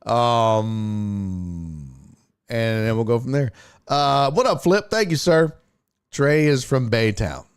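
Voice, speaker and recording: A man's voice: mid-range voice, lively intonation, slow, long pauses, clean tone. Laid-back, swearing sports stream host man. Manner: profane, joking, laughs often. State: sounds rough, a bit hoarse. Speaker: sports talk show host. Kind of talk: casual live-stream chat, reading viewer comments aloud.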